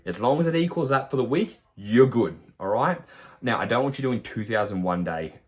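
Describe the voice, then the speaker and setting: Blunt, profane fitness coach. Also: male voice, medium pitch, expressive, moderate pace. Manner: forceful, profane, lecturing. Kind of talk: blunt podcast monologue.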